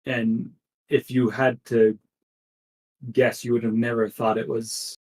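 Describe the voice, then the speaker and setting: Setting the scene in careful, measured steps, a man runs a tabletop game as game master at an unhurried pace. His mid-pitched voice is flat and a little mellow, captured in a low-quality recording.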